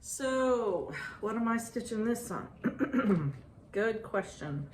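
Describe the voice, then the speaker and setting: A woman chatting casually about her stitching projects, halting and restarting often with ums. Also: on the high side, animated. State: out of breath. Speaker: stitching vlogger. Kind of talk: casual show-and-tell chat. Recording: echoey room, faint ambient noise.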